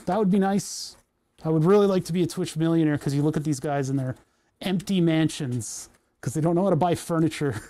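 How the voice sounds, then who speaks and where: Warm in tone and a little high, this man's voice accompanies his Twitch stream as he tinkers at his workbench, chatting to himself, grumbling and joking.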